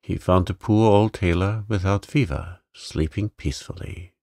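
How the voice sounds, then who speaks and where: A man reading a bedtime sleep story in a calm, soothing, gravelly voice. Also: sits low, moderate pace, no echo, studio quality. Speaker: narrator.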